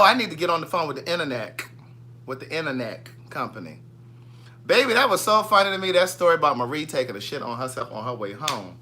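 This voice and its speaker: A man with a Southern US accent hosting a casual livestream, chatting in a gossipy, animated way and reading viewer comments aloud. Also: mid-range voice. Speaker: livestream host.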